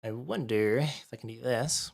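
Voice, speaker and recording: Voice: mid-range voice, normal speed, vocal fry, slightly rough. Out-of-breath chatty streamer. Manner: chatty, thinking aloud while setting up. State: a bit out of breath from allergies. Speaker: livestreamer. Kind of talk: casual livestream chat to viewers.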